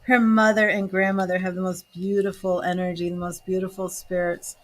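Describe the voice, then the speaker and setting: Her voice sits on the low side and stays level as she does live tarot readings. The psychic turns cards, answers viewers' questions and addresses them by name, taking her time and sounding chatty and emotional.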